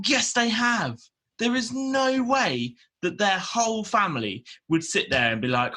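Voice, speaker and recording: A man from the UK co-hosting a podcast, animated and quick to rant. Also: high voice. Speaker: podcast co-host. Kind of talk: casual podcast chat.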